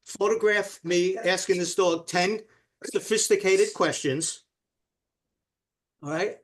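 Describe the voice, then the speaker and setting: Male guest, quite high voice, pitches his case with force. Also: takes it slowly. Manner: emphatic and persuasive. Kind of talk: casual radio interview.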